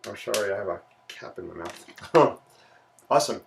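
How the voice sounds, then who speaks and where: Man, low gravelly voice, relaxed playful art-stream host; slightly distant mic with faint noise. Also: normal speed. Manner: relaxed, chatty, playful asides. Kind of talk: casual live sketching stream.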